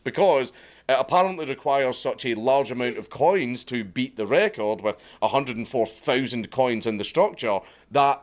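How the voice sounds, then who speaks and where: Sardonic Scottish man, lively delivery. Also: mid-range voice. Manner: sarcastic and profane, deadpan mockery. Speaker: video commentator. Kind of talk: sardonic scripted commentary.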